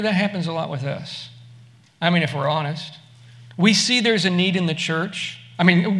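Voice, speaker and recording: A male pastor delivers a sermon in a high, clear, bright voice. He keeps it conversational and often turns to ask the listeners questions. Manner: conversational preaching, asks the listeners direct questions.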